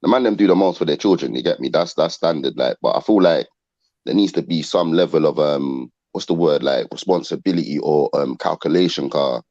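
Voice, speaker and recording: A man's voice: a bass voice, a little fast, darkish tone, no room sound, lo-fi sound. A man debating casually on an online panel, hesitant and searching for words.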